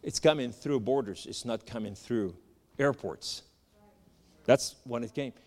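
Man from the middle east, testimony speaker, animated storytelling, big hall with long echo. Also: medium pitch, a little slow. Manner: animated storytelling with rising emphatic lists. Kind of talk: testimony sermon.

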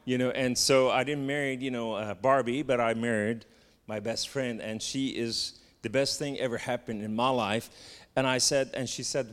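Lebanese-accented preacher in reverberant hall. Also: male voice, medium pitch, steady tone, fairly bright tone. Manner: halting, joking, repeats fillers like "and so therefore". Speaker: guest preacher. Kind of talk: sermon. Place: church sanctuary.

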